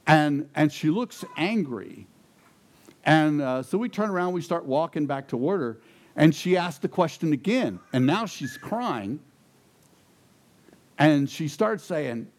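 A man preaching to a congregation, telling a personal story and then building to emphatic questions. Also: on the high side. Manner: animated, rising to emphatic peaks. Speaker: pastor. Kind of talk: sermon storytelling.

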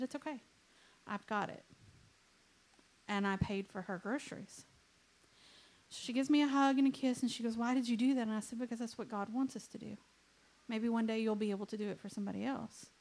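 Woman with a gravelly edge, earnest plain storytelling in church. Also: medium pitch. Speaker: church member giving testimony. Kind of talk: testimony story.

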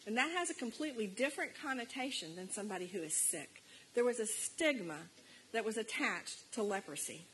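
Middle-aged lady preacher, slightly high voice, earnest and chatty, church sermon. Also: expressive, brisk, a bit bright, slight background noise, low-quality recording. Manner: earnest, plain-spoken, reads scripture aloud. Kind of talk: conversational sermon. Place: church service.

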